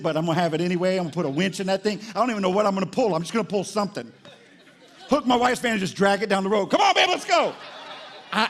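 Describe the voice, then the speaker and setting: A man, a pastor preaching a live sermon at a church service in an animated, conversational storytelling way. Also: sits high.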